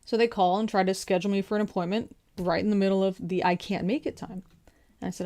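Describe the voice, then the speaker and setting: A woman's voice: medium pitch, quick pace, mellow. Young woman vet ranting casually, lots of sarcastic questions, regular mid voice. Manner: exasperated, sarcastic, rhetorical questions. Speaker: veteran telling her story. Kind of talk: casual storytelling rant.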